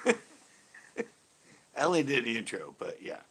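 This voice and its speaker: A man's voice: medium pitch, sing-song, unhurried, a bit bright, husky. A man co-hosting a live stream, rambling and laughing through casual jokey chat.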